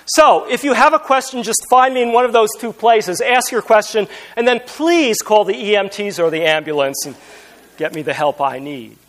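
High-voiced man telling funny sermon stories. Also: moderate pace, fairly bright tone. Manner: humorous self-deprecating storytelling. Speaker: pastor.

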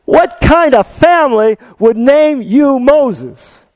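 A preacher voicing a jumpy burglar in a joke, with high, startled exclamations. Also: male voice, big pitch swings, unhurried, a little mellow, clear, resonant tone, dry recording. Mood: relieved. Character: jumpy male burglar, quick to relax.

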